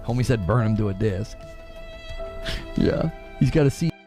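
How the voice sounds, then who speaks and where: A man's voice: lowish voice, expressive, moderate pace. Guy rambling casually, lots of up and down in his voice, faint music behind. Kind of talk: casual online chat.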